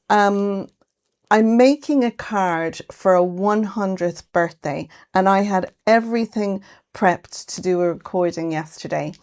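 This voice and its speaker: Chatting casually on a craft livestream from her home craft room, this Irish woman has a fairly low, somewhat mellow voice. She greets her viewers by name as she talks.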